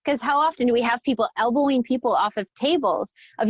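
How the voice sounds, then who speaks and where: A woman's voice: fairly high pitch, fast, no echo. Earnest woman guest, dry close sound. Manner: warm, earnest, softens to near whispers when moved. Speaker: guest, event organizer. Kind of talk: casual conversational interview.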